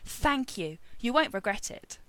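A smug, confident young man from an audiobook story, teasing one moment and earnestly pleading the next, as a woman reads him. The delivery swings widely in pitch. It sounds close and dry. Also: big pitch swings, unhurried, pushed and bright, no room sound, full character voice.

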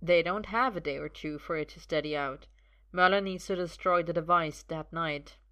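Female storyteller, lower register, bright tone, expressive audiobook narration. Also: moderate pace. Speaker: reader.

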